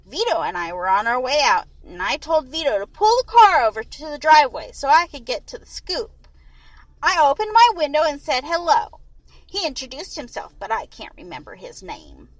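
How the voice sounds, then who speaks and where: Woman putting on a quirky elderly lady neighbor, gossipy, teasing, high lively voice, dry close sound, storybook reading. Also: moderate pace, dry recording, recorded from a distance, poor audio. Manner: gossipy, teasing, old-fashioned slang.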